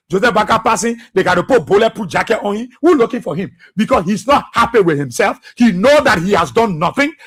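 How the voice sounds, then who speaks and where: A man's voice: high-pitched, a bit bright, slightly rough. A man with a Liberian English accent, hosting a talk radio show and delivering fiery, repetitive political commentary.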